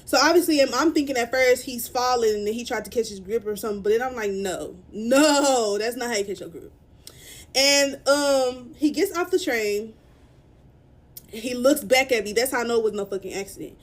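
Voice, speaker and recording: A young woman with a fairly high voice tells a storytime vlog into her phone camera. She speaks in a halting, upset way, full of fillers and restarts, and sounds near tears. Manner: tearful at moments. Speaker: vlogger.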